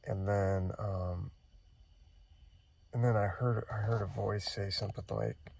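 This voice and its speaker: Gravelly low-voiced man, regretful retelling. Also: steady tone, slow, a little mellow, a little hiss or hum. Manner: rambling, hesitant, regretful retelling. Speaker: van-dwelling vlogger. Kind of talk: casual spoken recollection. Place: inside a parked van.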